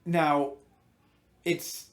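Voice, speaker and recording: A man's voice: a little high, level tone, drawn-out words. A man giving an informal Bible teaching, earnest and emphatic, often restarting his sentences.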